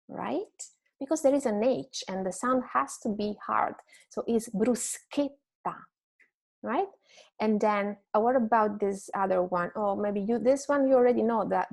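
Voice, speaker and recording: A woman's voice: medium pitch, creaky. A woman with an Italian accent, a native Italian speaker, teaching a pronunciation lesson, patiently repeating word pairs and checking in with listeners. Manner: patient, repeats words slowly for contrast, frequent checking "right?". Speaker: Italian language instructor. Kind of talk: recorded language lesson.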